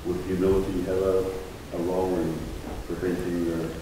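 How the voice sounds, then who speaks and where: A man's voice: deep voice, flat delivery, moderate pace. A man in the audience asking a tentative question. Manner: tentative, hesitant. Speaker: audience member. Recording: echoey room, noisy.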